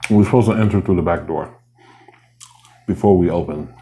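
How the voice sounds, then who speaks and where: A man's voice: low voice, normal speed, mellow. A man vlogging while he eats, chatting casually and rambling between bites. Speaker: mukbang vlogger. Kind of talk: casual chat while eating.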